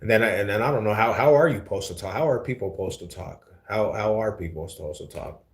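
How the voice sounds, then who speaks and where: A man's voice: lowish voice, expressive, quick pace. A man with an East Denver accent, hosting a casual livestream and answering viewers in laid-back, slangy talk. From Denver, USA. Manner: laid-back slangy talk, calls people homie and fool. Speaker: livestream host.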